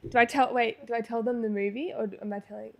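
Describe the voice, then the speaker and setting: A woman's voice: on the high side, fairly even intonation, quick pace, creaky, highs cut off. A young woman in her twenties with an Australian accent, chatting playfully as a podcast co-host. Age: 20s. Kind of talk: casual chat.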